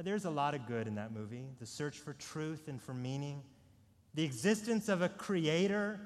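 The sermon comes from a male pastor whose voice is a little high, echoing with long hall reverb. He shifts dynamically between soft, personal lines and forceful, emphatic ones, asking rhetorical questions again and again.

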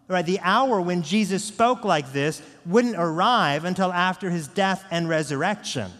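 A man preaching a sermon as pastor, earnest, moving between hushed and raised delivery. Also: on the high side. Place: church sanctuary. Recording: long echo of a large church hall.

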